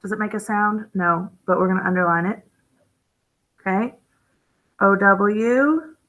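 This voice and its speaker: On a rough recording, a woman with a medium-pitched, unhurried, fairly bright voice teaches phonics to young children. Encouraging throughout, she codes words while thinking aloud and gasps with delight as each rule appears.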